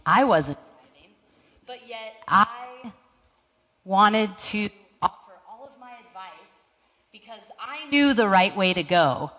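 A woman's voice: mid-range voice, lively intonation, takes it slowly, long pauses, fairly bright tone. A woman giving a sermon, speaking in an earnest, conversational way and reading scripture aloud. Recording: long hall reverb.

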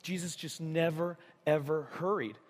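Pastor guy preaching casual, kinda higher voice, echoey church hall. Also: fairly even intonation, a little slow. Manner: conversational, acts out voices in stories. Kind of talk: sermon.

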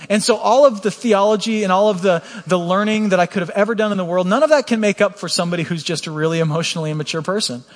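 A man's voice: sits high, quick pace, hardly any pauses, long reverb tail. A man preaching a candid, earnest personal testimony, often restarting his sentences. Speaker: pastor.

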